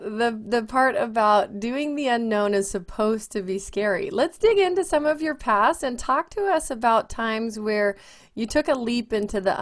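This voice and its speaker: A woman hosting a business podcast, chatting with her guest in an affirming, conversational way with light humor. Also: a little high. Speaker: podcast host, attorney. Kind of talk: interview chat.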